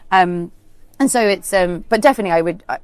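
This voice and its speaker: A woman comedian and TV writer, a guest in an interview, talking quickly and animatedly with lots of fillers and acted-out quotes. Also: fairly low pitch, clean tone, no room sound. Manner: animated storyteller, many fillers, acts out quotes. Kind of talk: casual interview chat.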